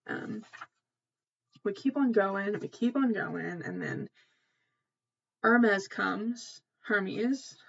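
A woman's voice: fairly high pitch, creaky, lo-fi sound. A woman hosting a casual mythology podcast, rambling with lots of fillers, casual swearing and lost trains of thought. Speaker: podcast host.

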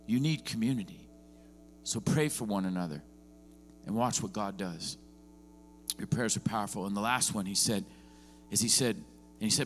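A man preaching as a visiting pastor, often rising into emphatic bursts and checking in with the congregation. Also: mid-range voice. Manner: lively preaching with rising, emphatic bursts and frequent "are you with me?". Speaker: guest pastor. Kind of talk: sermon. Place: church.

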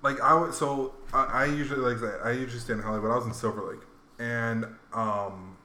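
A man's voice: mid-range voice, steady tone, brisk, pushed and bright. A man telling a story in casual chat, laid-back and rambling, with lots of fillers. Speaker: podcast co-host. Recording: roomy echo, faint room noise.

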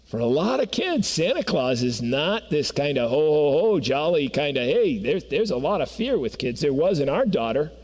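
A man's voice: fairly high pitch, big pitch swings, normal speed, hardly any pauses, a little mellow. A man preaching a sermon in a church sanctuary, telling stories earnestly and building to emphatic peaks. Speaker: pastor. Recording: long reverb of a church hall.

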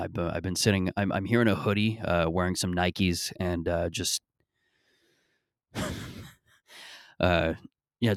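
Low-voiced man rambling on his podcast. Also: dry recording, studio quality. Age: around 30. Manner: rambling, joking, profane. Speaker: podcast host. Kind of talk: casual solo podcast monologue. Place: parents' backyard outdoors.

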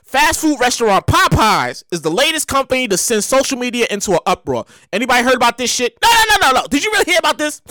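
Woman vlogger, high and bright, swearing rant, stumbles over repeated words. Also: no room sound. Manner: animated, profane, stammers and repeats phrases. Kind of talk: casual ranting commentary.

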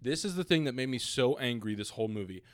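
A man's voice: medium pitch, fast, no room sound, clean studio sound. A young man co-hosting a podcast, recapping a movie in casual chat, swearing freely and getting worked up. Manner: animated, profane, laughs often, acts out quotes. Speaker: podcast co-host.

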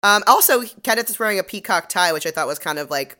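A woman's voice: medium pitch, lively intonation, fast talker, sharp tone. A woman co-hosting a podcast, recapping a TV episode in casual chat, laughing often and acting out the characters' lines. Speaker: podcast co-host.

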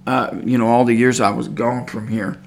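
Man, Texan accent, podcast host, meandering folksy talk, filler words, middle pitch. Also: flat delivery, moderate pace, creaky, slight background noise. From Texas. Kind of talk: rambling religious podcast talk.

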